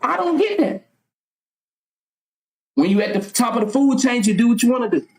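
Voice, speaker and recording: Woman, high pitch, fervent rant, rhetorical questions, sometimes yelling, roomy echo. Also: sing-song, normal speed. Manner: swears freely. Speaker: vlogger. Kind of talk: impassioned monologue.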